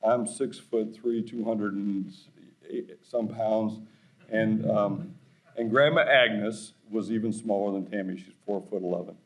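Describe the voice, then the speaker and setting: A man's voice: on the low side, a little slow, low-quality recording. A middle-aged man giving a conference keynote, telling stories in a folksy, anecdotal way. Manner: folksy, anecdotal, growing animated and loud. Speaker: keynote speaker. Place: conference stage.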